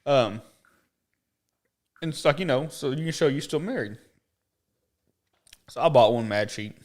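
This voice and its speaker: Animated man telling a story on a podcast. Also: unhurried. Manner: animated, jumps up in pitch when acting out other people. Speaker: podcast co-host. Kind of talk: casual chat, storytelling.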